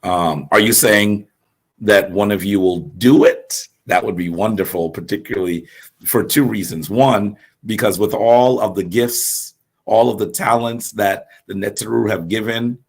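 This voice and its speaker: A man with a sore throat giving an earnest live-streamed religious teaching, pausing often with ums as he explains. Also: on the low side, vocal fry. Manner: slow, earnest, lecturing with frequent ums.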